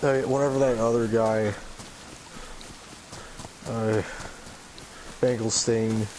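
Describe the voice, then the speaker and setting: A young man chatting casually with a friend while gaming, speaking haltingly with restarts and casual swearing. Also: medium pitch, fairly even intonation, a little mellow, a little hiss or hum, rough recording. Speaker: gamer. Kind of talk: casual chat over voice chat.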